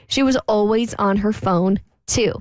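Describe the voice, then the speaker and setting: A woman co-hosting a radio talk show, reading a listener's letter aloud in a lively, chatty way. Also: medium pitch, measured pace, no room sound. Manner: lively, chatty, laughs between lines.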